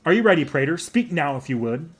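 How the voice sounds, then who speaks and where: A man's voice: a little high, very animated, fast talker, husky. A man takes on a dramatic young woman warrior-emperor from a video game. The voice sits raised and showy, swinging between grand indignation and regal command. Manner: theatrical, indignant, flamboyant. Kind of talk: voicing game dialogue aloud.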